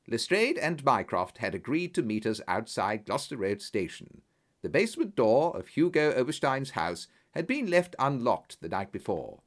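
A man narrating an audiobook in an expressive storytelling manner. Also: medium pitch, normal speed.

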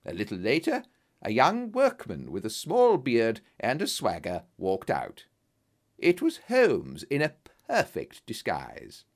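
A man reading a story aloud as narrator, in an expressive, dramatic style. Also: medium pitch, slow.

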